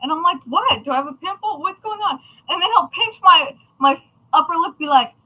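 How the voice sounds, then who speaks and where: A woman's voice: very high voice, expressive, brisk, bright, forceful tone, low-quality recording. A woman chatting casually on a livestream about her craft shop, chatty, profane and self-mocking.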